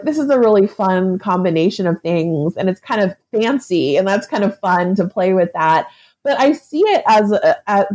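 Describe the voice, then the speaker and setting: A woman's voice: medium pitch, darkish tone. A woman author answering interview questions in a chatty, reflective way, with frequent likes and ums and easy laughs. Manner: laughs often. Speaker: author and guest.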